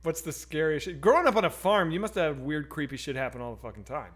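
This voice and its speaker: A man's voice: on the high side, quick pace. Swearing man telling a wild story. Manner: excitable storyteller, swears often. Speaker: stream co-host. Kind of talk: casual chat, telling a story.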